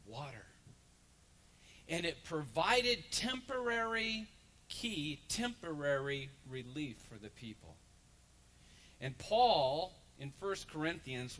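A man, a pastor, preaching a lively sermon in a church and acting out the voices of people in the story. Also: fairly high pitch, slight background noise, low-quality recording. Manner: animated storytelling, acts out crowd voices. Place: church sanctuary.

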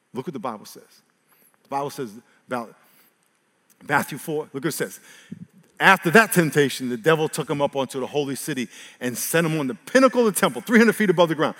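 In a big-sounding room, a mid-voiced male pastor preaches with humor and energy. He shifts from booming outbursts to near-whispers, laughs frequently, and leads the congregation in repeating phrases after him.

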